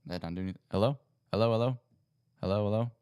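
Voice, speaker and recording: A man's voice: lowish voice, rapid-fire, dark tone, clear, resonant tone, no echo, clean studio sound. A young man, rambling casually as the host of his own sports livestream. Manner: rambling, self-correcting, chatty. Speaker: podcast host. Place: home setup at a computer.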